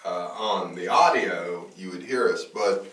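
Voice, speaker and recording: A man's voice: low voice, measured pace, a bit bright, reverberant, recorded from a distance, poor audio. A man co-hosting a casual podcast, talking loosely with lots of fillers and restarts. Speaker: podcast co-host.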